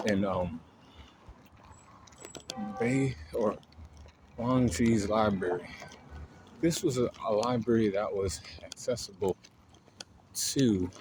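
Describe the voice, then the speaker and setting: A man's voice: lowish voice, slow pace, pauses often, background noise. A man casually retelling a story in a loose, rambling way, full of fillers and swearing.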